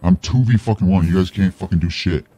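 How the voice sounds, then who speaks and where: A man's voice: low voice, fairly quick, warm tone, faint music behind. A man streaming a video game, giving live commentary and ranting angrily and profanely at his teammates.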